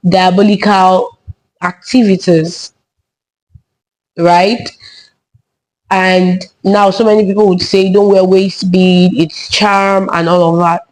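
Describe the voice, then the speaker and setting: Slow-talking woman, chatty vlog. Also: mid-range voice, darkish tone, rough recording. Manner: chatty, frequent tag questions. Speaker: vlogger and children's church teacher. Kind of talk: casual vlog monologue.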